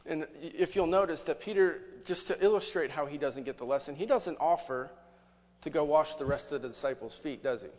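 A man's voice: on the high side, a little fast, a little mellow. A man preaching a sermon as pastor, conversational, with many rhetorical questions to the congregation. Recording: long hall reverb.

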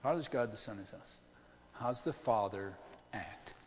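A man's voice: on the low side, lively intonation, measured pace, in a large hall, a little hiss or hum. A middle-aged male pastor preaching a conversational sermon, often asking the congregation questions.

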